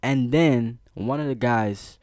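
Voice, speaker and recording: A man telling a childhood story in casual, animated chat, laughing often and peppering it with slang. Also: medium pitch, takes it slowly, no echo, studio quality. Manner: animated, laughing, slangy, frequent "bro" and "see what I'm saying". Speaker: vlogger.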